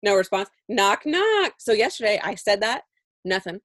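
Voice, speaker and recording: A woman co-hosting a podcast, telling a story in a casual chat with lots of laughter and lively voice-acted quotes. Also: mid-range voice, fairly quick, no room sound, studio quality. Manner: animated storytelling with frequent laughter. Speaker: podcast co-host.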